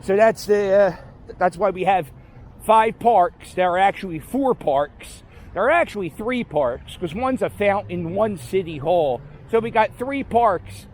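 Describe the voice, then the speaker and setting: A man's voice: sits high, animated, a little slow, darkish tone. A man giving a casual walking-tour vlog outdoors on a city street, rambling and correcting himself as he goes. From Philadelphia area. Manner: rambling, self-correcting, offhand. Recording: faint street noise outdoors.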